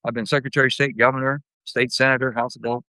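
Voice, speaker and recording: An older man, a guest telling blunt, folksy stories and acting out his anecdotes with lively jumps in pitch. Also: racing, dry recording, rough recording. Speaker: guest, former senator. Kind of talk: candid storytelling interview.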